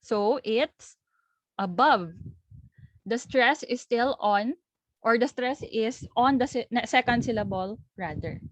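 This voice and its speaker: A woman's voice: a little high, a little slow, no echo. Filipino woman teaching a phonetics lesson. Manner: explains step by step, mixing in local words. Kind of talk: recorded online lesson.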